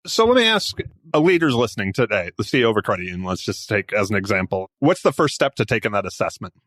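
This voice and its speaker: A man hosting a podcast, asking questions in a quick, casual way full of fillers. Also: fairly low pitch, big pitch swings, a bit bright, dry recording, studio quality. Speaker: podcast host. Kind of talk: conversational interview.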